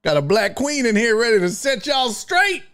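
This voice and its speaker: A man's voice: very high voice, sing-song, moderate pace, fairly bright tone. A man hosting a casual live-stream talk show, reading chat messages and riffing with profanity and laughter.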